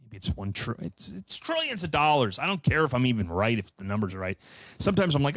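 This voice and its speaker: A middle-aged man giving an animated solo finance presentation, emphatic and sardonic with profane asides. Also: a little high, fairly quick, no room sound. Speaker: finance commentator.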